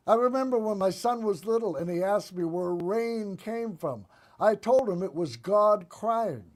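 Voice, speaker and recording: A man hosting a political comedy show, delivering one-liners and sarcastic commentary in a deadpan monologue. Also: high voice, normal speed. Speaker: host.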